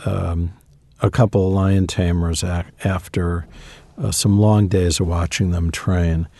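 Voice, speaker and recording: Low gravelly man telling stories. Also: dark tone, no room sound. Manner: anecdotal, conversational, emphatic asides. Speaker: guest author. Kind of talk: interview storytelling.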